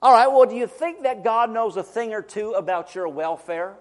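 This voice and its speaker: Pastor guy with a high voice preaching in church, folksy and chatty, lots of uh's. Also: normal speed. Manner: folksy, lively preaching with laughs and call-outs to the congregation. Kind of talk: sermon.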